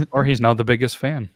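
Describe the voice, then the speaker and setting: A man's voice: medium pitch, dry recording. Laid-back podcast man, dry sound. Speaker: podcast co-host. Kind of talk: casual chat.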